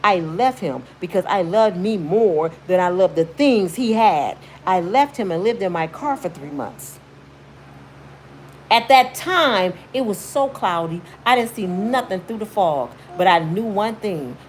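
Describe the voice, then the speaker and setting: A woman's voice: fairly low pitch, animated, measured pace, a little hiss or hum. Blunt, preachy woman YouTuber. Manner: blunt, emphatic, sermon-like. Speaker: YouTube commentator. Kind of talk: preachy motivational commentary.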